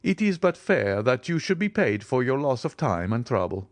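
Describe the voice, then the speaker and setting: A man voicing a wealthy, self-assured nobleman who speaks crisply and offhandedly. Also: mid-range voice, very animated, moderate pace, no room sound, voice pushed up. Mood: cool, assured. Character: rich, cool, commanding nobleman, adult man.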